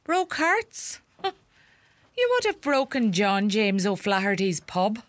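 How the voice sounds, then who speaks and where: A woman acting out a bossy, sharp-tongued Irish farm mother in middle age, scolding and fussing in a lilting, lively voice. Her Irish accent is thick. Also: mid-range voice, a little slow, no echo. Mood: teasing. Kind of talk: comedy sketch acting.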